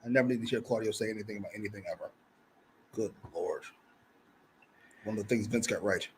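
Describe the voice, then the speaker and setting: A male co-host of a wrestling review show speaks in a lowish, fairly flat voice at a racing pace, over a little hiss or hum. Casual but heated, he argues and swears out of exasperation.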